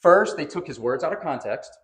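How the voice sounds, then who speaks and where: A man's voice: fairly high pitch, animated, a little fast. A male pastor preaching a sermon in a church, with a conversational but emphatic delivery that leans on repeated phrases. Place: church sanctuary.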